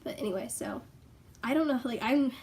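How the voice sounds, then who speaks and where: A young woman rambling casually in a home vlog, full of fillers and excited asides. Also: high-pitched, a little fast, slight background noise. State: out of breath. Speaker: vlogger. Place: bedroom at home.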